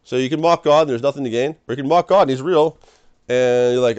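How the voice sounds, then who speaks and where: A man giving a rambling, excitable casual sermon as a streamer, often breaking into laughter. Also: mid-range voice, fast, clear, resonant tone, no echo, muffled recording. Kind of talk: casual preaching monologue.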